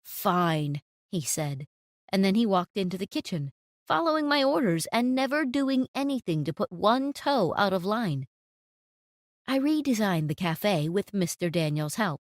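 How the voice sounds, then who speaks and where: A woman narrating a first-person story in an expressive storytime style. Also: medium pitch, no echo, clean studio sound.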